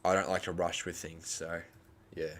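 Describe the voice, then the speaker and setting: A man's voice: low-pitched, flat delivery, moderate pace, a bit bright. A young Australian man hosting a live cricket reaction stream, rambling and arguing crudely with his chat.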